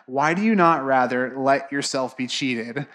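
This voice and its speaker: A man's voice: medium pitch, measured pace, fairly bright tone. A young man giving a casual sermon, talking informally and acting out everyday reactions in quoted voices.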